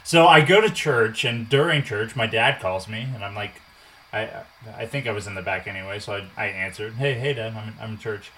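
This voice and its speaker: Animated man telling a story. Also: on the low side, brisk, low-quality recording. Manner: animated, swears, acts out quotes. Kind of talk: casual storytelling.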